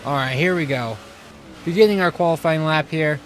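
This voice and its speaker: A man's voice: fairly high pitch, normal speed, fairly bright tone, a little hiss or hum. A man streaming a racing game live, commenting casually and greeting his chat. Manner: eager, casual, talks to chat. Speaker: gaming streamer.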